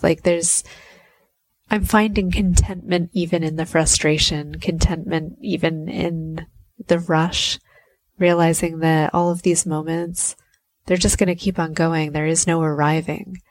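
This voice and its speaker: A woman's voice: deep voice, flat delivery, unhurried, a little mellow, no echo. A young woman talking through her thoughts in a casual monologue. She is candid and musing, with lots of filler likes and short laughs.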